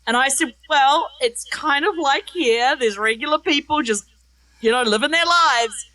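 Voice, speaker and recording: A woman's voice: high voice, moderate pace. A woman from New Zealand with a New Zealand accent, a guest telling stories in a casual interview, acting out quotes. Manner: lively storyteller, acts out quotes. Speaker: guest author.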